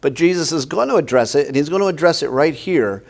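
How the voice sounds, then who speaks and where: Conversational pastor teaching a Bible class. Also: male voice, on the high side, animated, quick pace, creaky. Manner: conversational, quizzes the class with questions.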